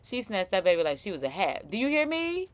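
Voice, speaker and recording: A woman with a New Orleans accent hosting a live stream, reacting to news clips in slangy, animated, casual chat. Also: mid-range voice, brisk, no echo. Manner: animated, chatty, slangy, laughing asides.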